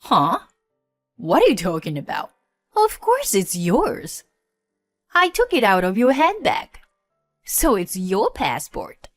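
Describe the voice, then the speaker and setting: A woman's voice: medium pitch, huge pitch swings, dry recording, soft background music, full character voice. Woman voicing a defensive scheming mother-in-law. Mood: dismissive. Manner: indignant, quick to blame.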